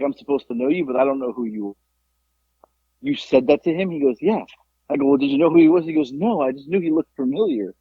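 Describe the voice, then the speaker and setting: A man's voice: a little high, vocal fry, slightly rough, dry recording. A man co-hosting a podcast, telling a story in casual chat and acting out the people he quotes, with some swearing. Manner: animated, acts out quoted voices, swears. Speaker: podcast co-host. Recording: tinny phone-like sound.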